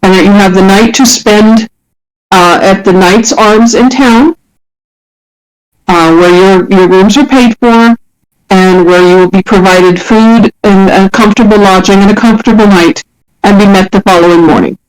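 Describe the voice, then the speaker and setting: A woman acts as game master for a tabletop role-playing session, describing scenes at length. Her voice sits at a middle pitch, and her phrasing often stumbles and restarts as she narrates. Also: normal speed, poor audio. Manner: descriptive, with frequent restarts and fillers.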